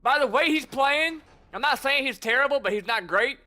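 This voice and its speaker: Male streamer, very high and piercing voice, chatty and teasing in casual gameplay commentary. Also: lively intonation, moderate pace, pushed and bright. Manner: chatty, teasing taunts at opponents. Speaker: gamer streamer.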